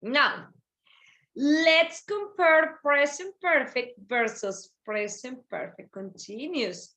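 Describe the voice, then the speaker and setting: High-voiced bright woman teaching grammar. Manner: repetitive, explanatory, slips between English and Spanish. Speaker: English teacher. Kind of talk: online grammar lesson. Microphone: video call.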